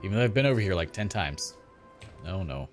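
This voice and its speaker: A man chats loosely while streaming a video game, wandering from thought to thought and poking fun at himself. His voice sits a bit low, with faint game music behind. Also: sing-song, brisk. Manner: rambling, chatty, self-deprecating. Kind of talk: casual gaming stream chat.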